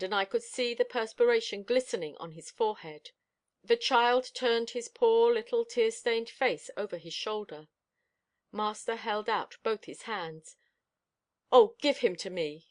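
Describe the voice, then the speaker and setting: A woman reading a novel aloud in first-person narration, expressive and measured. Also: medium pitch. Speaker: audiobook reader.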